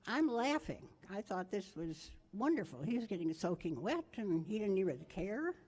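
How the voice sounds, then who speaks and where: A woman's voice: medium pitch, big pitch swings, moderate pace, darkish tone, slightly rough. An older woman giving a memorial tribute, telling family stories in a rambling, anecdotal way and correcting herself as she goes. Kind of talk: memorial storytelling speech.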